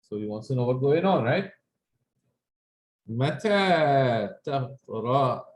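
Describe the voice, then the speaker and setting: A man's voice: medium pitch, lively intonation, quick pace, a little mellow. Patient male Arabic teacher, echoey room. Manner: patient, repeats phrases, checks with "right?". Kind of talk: explaining grammar in an online class.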